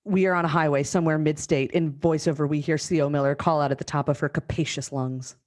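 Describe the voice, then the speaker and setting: A woman hosting a live script reading over a video call, reading the stage directions in a brisk, amused way. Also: low-pitched, fairly even intonation, darkish tone.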